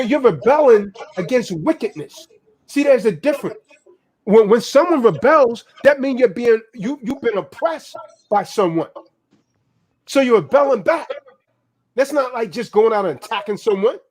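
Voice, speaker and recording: A man's voice: very high-pitched, animated, normal speed, darkish tone. A man delivering a heated, profane political rant in a preaching manner, tagging "man" onto his lines.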